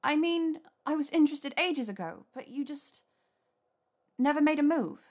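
A woman voicing a flustered, earnest young witch who talks in a rushed, nervous way. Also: sits high, lively intonation, pitched above the performer's own voice.

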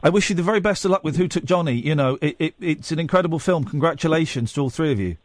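Fast-talking radio host, man. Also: a little high, dry recording, studio quality. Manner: fast, enthusiastic, stammering restarts. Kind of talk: late-night radio interview.

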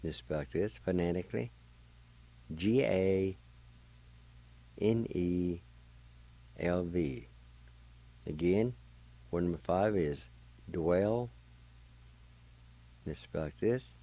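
A man's voice: low-pitched, extremely slow, pauses often, warm tone, low-quality recording. A man teaching a language lesson on the radio, patiently spelling words letter by letter and sounding them out.

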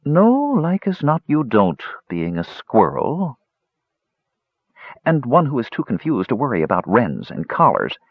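A man's voice: mid-range voice, huge pitch swings, measured pace, husky, no room sound, voice pushed up, heavily acted. A man voicing a lazy, sly male tabby cat who drawls in a wry, knowing way. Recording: slightly dull lo-fi recording.

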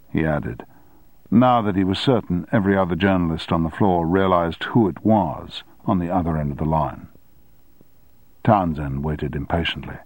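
A man narrating an audiobook novel in a measured, even storytelling manner. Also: sits low, no room sound. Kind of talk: scripted narration.

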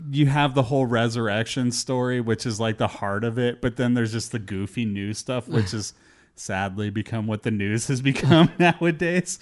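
A man hosting a casual chat, animated and filler-heavy, laughing often. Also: mid-range voice.

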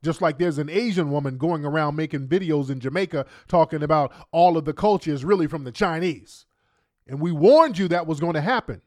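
A man's voice: on the high side, fairly quick, no echo, clean studio sound. A man hosting a podcast, commenting on played clips in a mocking, heated way with crude slang. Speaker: podcast host.

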